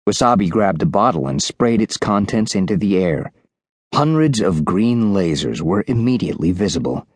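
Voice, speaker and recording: A man narrating a children's audiobook in an animated storytelling manner. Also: on the low side, husky, no echo, clean studio sound. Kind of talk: scripted narration.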